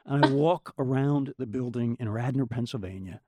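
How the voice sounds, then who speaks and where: A man's voice: mid-range voice, moderate pace, a little hiss or hum. An older man, a guest, telling a long anecdote in casual chat and acting out the voices of the people he quotes. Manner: animated, acts out quoted voices. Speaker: guest storyteller.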